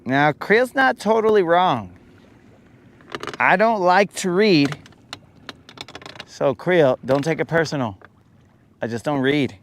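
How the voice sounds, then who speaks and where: Guy livestreaming from his fishing boat, kinda high voice, ribbing his chat, faint water and motor noise. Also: lively intonation, slow pace, long pauses. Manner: joking, teasing chat viewers, mock-dramatic. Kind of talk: casual live-stream chat. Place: on a boat on a lake, outdoors.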